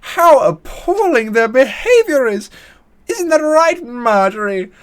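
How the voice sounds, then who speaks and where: Woman doing a high, shrill society lady in a tabletop game, loud and swooping with pompous outrage. She gossips about brutes in piercing, indignant bursts. Her pitch leaps well above a woman's usual talk. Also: very animated, takes it slowly, heavily acted. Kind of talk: improvised tabletop role-play.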